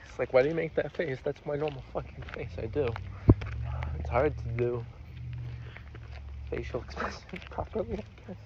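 A man's voice: mid-range voice, lively intonation, normal speed, long pauses. Rambling, giggly young man walking outdoors. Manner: meandering, giggly, stifles laughs. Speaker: vlogger. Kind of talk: rambling casual vlog while walking. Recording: dull lo-fi with outdoor noise.

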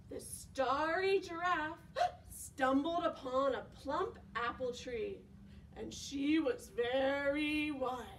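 A young children's librarian leads preschool storytime, singing action songs and reading a picture book aloud. Her high voice is animated and sing-song, with gasps and questions for the children, and it's recorded far from the mic with slight background noise.

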